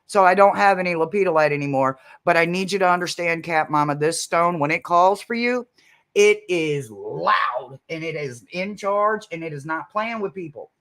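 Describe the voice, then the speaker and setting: A woman from the St. Louis area, a psychic reader hosting her channel, telling an excitable, rambling story with laughs and the odd curse word. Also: fairly low pitch, moderate pace. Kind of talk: casual storytelling on a livestream.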